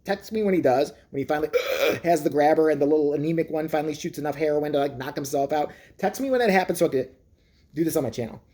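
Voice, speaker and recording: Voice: mid-range voice, fast talker, darkish tone. A vlogger ranting crudely and mockingly, swearing often in a comedic monologue. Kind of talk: profane comedic rant.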